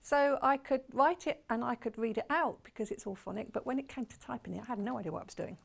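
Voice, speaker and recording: A woman's voice: fairly high pitch, fast, gravelly, a little hiss or hum. A woman presenting on a shopping channel, chatty and enthusiastic, gushing about each fabric. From United Kingdom. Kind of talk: live TV sales presentation.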